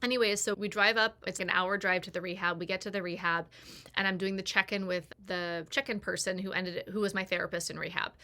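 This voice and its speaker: A woman in her forties speaks in a bright, clear-edged voice with a middle pitch. She tells a personal story candidly and confessionally, slipping into the voices of the people in it as she goes. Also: steady tone, a little fast. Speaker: personal growth creator.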